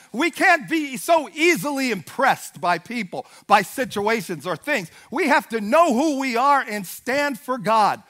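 Fervent preacher man, very high and bright. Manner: fervent, animated preaching with shouted peaks and acted-out Bible dialogue. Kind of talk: sermon.

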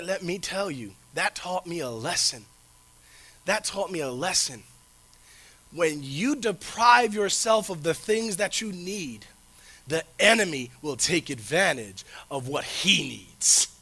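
A man preaching a sermon in a conversational, animated storytelling way, checking in with the listeners by asking "right?". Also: on the high side, breathy edge. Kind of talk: sermon with personal stories.

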